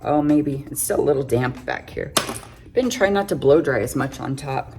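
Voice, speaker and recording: A woman's voice: very deep voice, expressive, normal speed, over music. A middle-aged woman chatting through a casual makeup tutorial, full of self-joking, giggly asides. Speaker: makeup vlogger.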